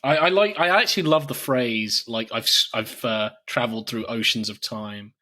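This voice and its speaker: Man, podcast co-host, casual, profane, animated, bright voice. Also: medium pitch, normal speed. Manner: swears a lot, laughs often, animated. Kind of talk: casual film chat.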